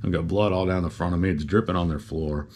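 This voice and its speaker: Deep-voiced man telling a rambling story. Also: fairly even intonation, fast talker, darkish tone, slight background noise. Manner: rambling, good-humored, lots of "uh" and "you know". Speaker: vlogger telling a personal story. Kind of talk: casual storytelling.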